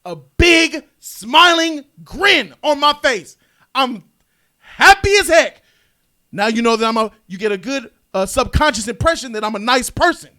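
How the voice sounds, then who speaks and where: Podcast host, male, high bright voice, lively storyteller who acts out quotes. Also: unhurried. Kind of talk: casual storytelling chat.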